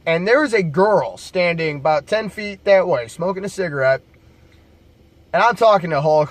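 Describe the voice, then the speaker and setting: Profane, jokey man telling bar stories. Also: fairly high pitch. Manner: laid-back, profane and jokey. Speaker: bar storyteller and bouncer. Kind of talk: casual storytelling to camera.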